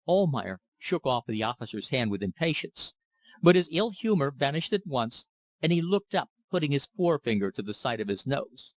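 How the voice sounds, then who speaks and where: A man reading a classic novel as an audiobook narrator, in a steady, even-paced manner on a close mic. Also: mid-range voice, normal speed, no room sound.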